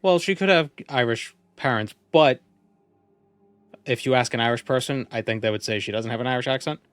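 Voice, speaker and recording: A man's voice: medium pitch, fairly quick, a bit bright, dry recording. A man streaming a video game, chatting casually and musing aloud as he plays. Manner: musing, chatty, trails off and restarts. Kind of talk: casual gameplay commentary.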